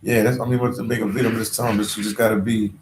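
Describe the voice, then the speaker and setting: A Philadelphia man, a travel vlogger, talks to viewers on a casual live stream in a slangy, rambling way, full of "like" and "you know." His voice is fairly low with little pitch movement, and he speaks very fast. The room is echoey, with slight background noise.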